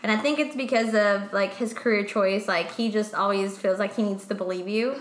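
A woman's voice: mid-range voice, fairly even intonation, moderate pace, roomy sound. A woman co-hosting a podcast, chatting casually, swearing a lot and trailing off into fillers. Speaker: podcast co-host. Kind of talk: casual chat.

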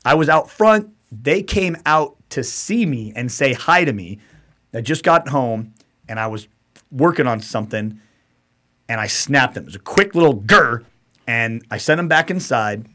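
A man's voice: mid-range voice, lively intonation, unhurried, pushed and bright. A middle-aged man hosting a casual podcast chat, blunt and profane, often slipping into quoted voices of other people. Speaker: podcast host.

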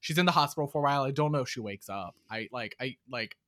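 A man co-hosting a podcast, recapping a movie in casual chat, sarcastic and often mock-quoting in a flat undertone. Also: medium pitch, fast. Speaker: podcast co-host.

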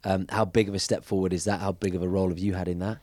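A male host who asks direct questions and laughs along with his guest. He speaks quickly in a fairly low voice. The sound is dry and close. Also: flat delivery, darkish tone, no echo. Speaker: podcast host. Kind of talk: casual interview chat.

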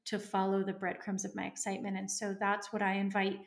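A woman entrepreneur, a guest in an interview, telling a story in a lively, animated way and acting out her own inner voice. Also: mid-range voice, brisk, vocal fry.

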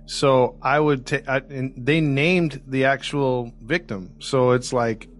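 A man's voice: medium pitch, fairly even intonation, slow, soft background music. A man co-hosting a true crime podcast in casual chat, hesitant and self-deprecating, often laughing. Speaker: podcast co-host.

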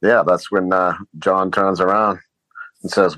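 Deep-voiced man retelling movie scenes. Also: flat delivery, sharp tone, no echo, low-quality recording. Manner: storytelling, halting with fillers. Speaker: podcast co-host. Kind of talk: casual movie chat.

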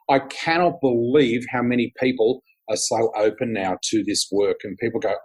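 A middle-aged man chats casually as a podcast guest. His voice is husky and his delivery is animated, full of storytelling and acted-out dialogue. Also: medium pitch, normal speed, few pauses, rough recording. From Australia. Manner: animated storyteller, often laughing, acts out quotes. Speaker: guest psychic. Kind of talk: casual interview chat.

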